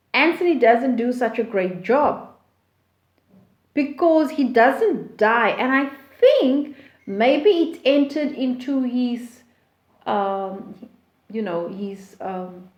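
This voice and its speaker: A woman explains a play slowly, with many fillers and restarts. Her voice sits high. The recording has a roomy echo. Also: a little mellow, highs cut off. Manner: slow, deliberate, with frequent fillers and restarts. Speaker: literature teacher.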